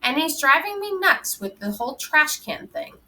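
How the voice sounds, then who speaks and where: An exasperated mother, as a woman reading a storybook voices her, tense and warning in tone. Her voice is bright and clipped. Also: high voice, big pitch swings, moderate pace, a little hiss or hum, pitched above the performer's own voice, full character voice.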